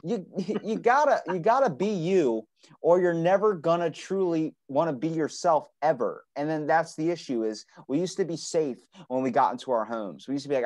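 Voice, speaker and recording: A man's voice: on the high side, lively intonation, moderate pace, a little mellow. A man hosting a podcast in casual conversation, blunt and emphatic, swearing freely. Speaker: podcast host.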